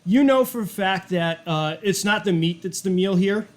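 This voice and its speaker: A man's voice: sits high, normal speed. Casual, rambling male game master. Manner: casual, rambling, with many fillers and swearing. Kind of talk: narrating a tabletop game.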